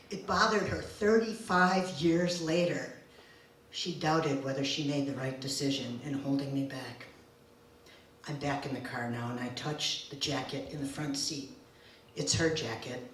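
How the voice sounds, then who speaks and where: Woman storyteller in a very echoey room. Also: sits low. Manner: slow, deliberate, emotional first-person telling. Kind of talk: live personal storytelling. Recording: very echoey room, distant mic, faint ambience.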